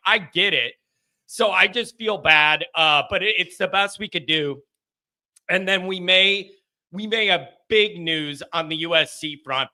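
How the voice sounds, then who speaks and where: A man's voice: high-pitched, bright, forceful tone. A man hosting a call-in sports show, rambling casually and joking about himself. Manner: rambling, self-deprecating, quick laughs. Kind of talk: casual sports talk monologue.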